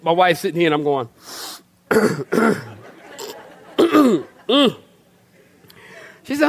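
A man's voice: sits high, expressive, very slow, creaky, long pauses, breathy edge. A middle-aged man preaching a humorous, storytelling sermon in a church, often repeating words as he goes. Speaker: pastor.

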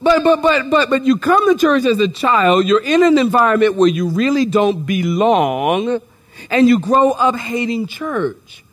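A man preaching a sermon in a church sanctuary, telling jokey stories in an animated way. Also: extremely high pitch, a little slow. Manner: animated, joking storytelling. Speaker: pastor.

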